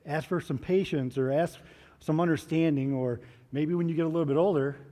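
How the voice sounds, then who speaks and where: A man giving a children's moment in church, asking the kids gentle questions and coaxing answers. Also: fairly high pitch, brisk, in a large hall. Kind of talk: children's sermon with props.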